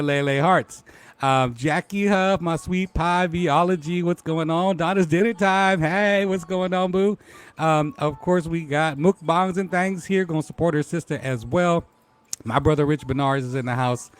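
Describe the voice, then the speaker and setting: A man's voice: a little high, clean tone. A man hosting a live-stream talk show, playful and joking, greeting viewers by name between laughs. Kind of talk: casual live-stream chat.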